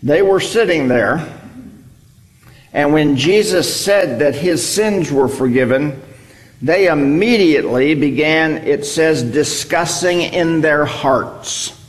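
Male Bible teacher, unhurried and emphatic, echoing hall sound. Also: on the high side. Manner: explanatory, repeats key words for emphasis. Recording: long reverb, hall.

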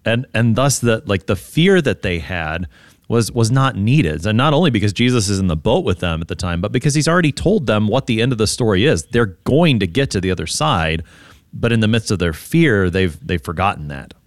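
Very deep-voiced man discussing scripture. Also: lively intonation, no room sound, studio quality. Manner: thoughtful, halting with many restarts. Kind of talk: conversational Bible discussion.

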